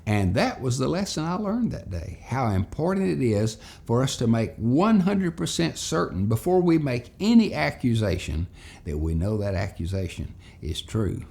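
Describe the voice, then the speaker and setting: A man telling a folksy childhood story as a lesson for children and parents. His voice swings widely in pitch with lively expression, carrying a gravelly rasp through it. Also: moderate pace.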